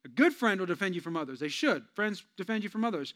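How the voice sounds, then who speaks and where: A male pastor preaching a sermon, telling stories with lively shifts between loud punchlines and hushed, earnest asides. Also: high voice, fast.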